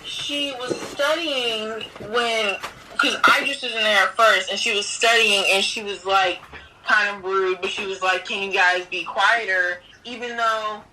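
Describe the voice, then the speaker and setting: A young woman friend on a call, chatting quickly and excitedly, talking over the other speaker. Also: mid-range voice, distant mic, a little hiss or hum, poor audio. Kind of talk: casual phone chat.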